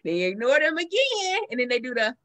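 A woman with a Southern accent hosts a casual podcast chat, telling stories with lively acted-out quotes. Her voice sits high and sounds bright and forward. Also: a little fast. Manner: animated storytelling, acts out quotes with big pitch jumps. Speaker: podcast host.

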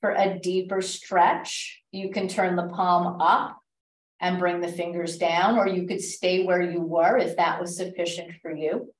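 A woman leads a stretch class, talking people through each move with calm, step-by-step cues and gentle reminders not to force anything. Her voice sits fairly low. The sound is roomy and echoey, and she is heard from some distance away from the mic. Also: a little slow. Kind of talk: guiding an exercise class. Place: library class room.

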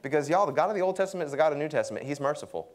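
Guy preaching, young, kinda high voice, acts out the quotes all animated. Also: very fast. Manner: lively, acts out quotes with pitch jumps. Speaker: pastor. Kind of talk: sermon.

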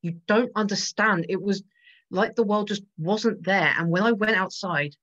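A woman's voice: medium pitch, normal speed, fairly bright tone, highs cut off, pitched above the performer's own voice, natural voice. Woman voicing a distraught young woman. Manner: pleading, strained, rising in distress. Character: frightened young woman fighting lost memories.

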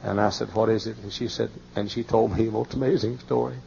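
A man in his late fifties preaching a sermon, telling folksy stories and often crying out in high, excited bursts. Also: fast talker, vocal fry. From Texas. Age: 50s. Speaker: pastor. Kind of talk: sermon with storytelling. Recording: muffled old sermon tape with faint hiss.

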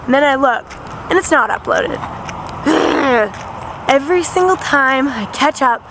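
Tired, rambling young woman vlogging from a car. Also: sits high. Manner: chatty, rambling, self-mocking. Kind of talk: casual rambling vlog. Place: inside a vehicle. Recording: noisy car background.

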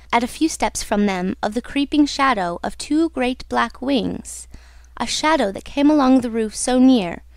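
A woman reading an audiobook in a measured, even storytelling manner. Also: fairly high pitch, smooth, no room sound. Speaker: audiobook narrator. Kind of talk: audiobook narration.

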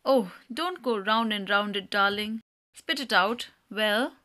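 A woman's voice: medium pitch, slow pace, sharp tone, no room sound. A woman reading the part of a gushing older male landowner who showers his guest with fond names. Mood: impatient. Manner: fawning, heaps on endearments.

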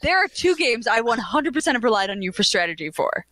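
A woman's voice: a little high, sing-song, fast talker, bright, forceful tone, no echo. A woman co-hosting a casual review show, telling stories emphatically and playfully. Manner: emphatic, tells stories playfully with voiced quotes. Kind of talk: casual video-call chat.

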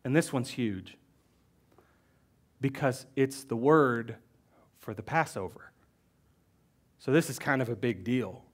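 A middle-aged pastor preaching in church, who speaks with feeling and moves between loud, stressed lines and hushed, almost whispered words. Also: male voice, medium pitch. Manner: emotional, swings from loud emphasis to hushed near-whispers. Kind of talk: sermon.

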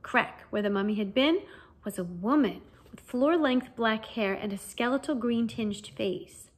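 Woman, audiobook narrator, storybook reading, lively and expressive, fairly high voice. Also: a little slow. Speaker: audiobook reader.

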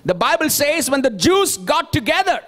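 A man's voice: very high-pitched, very animated, moderate pace, a bit bright. A male pastor, preaching a sermon emphatically and asking the congregation rhetorical questions.

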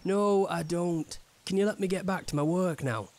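A man's voice: high-pitched, normal speed, darkish tone, a little hiss or hum. A blunt Northern English woodcutter foreman. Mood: gruff. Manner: blunt, curt, dismissive. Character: gruff working-class woodcutter foreman, middle-aged.

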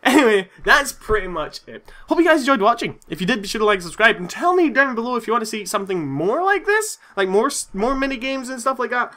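A young man giving excitable let's-play commentary, swearing and yelling at the game. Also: very high voice, fast, hardly any pauses. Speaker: gaming YouTuber.

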